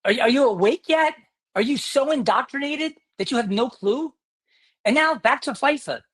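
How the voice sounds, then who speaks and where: A man's voice: very high voice, expressive, moderate pace, a bit bright, slightly rough. A man hosting his own podcast, delivering an indignant, sarcastic solo rant. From United States. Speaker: podcast host.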